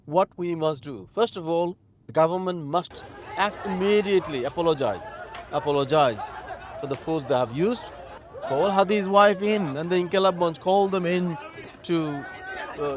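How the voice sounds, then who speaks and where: A man from Bangladesh delivers an impassioned political monologue outdoors, his voice sitting a little high. He is heated and emphatic and keeps firing rhetorical questions. A faint crowd murmurs behind him. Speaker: political commentator. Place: outdoors in a city.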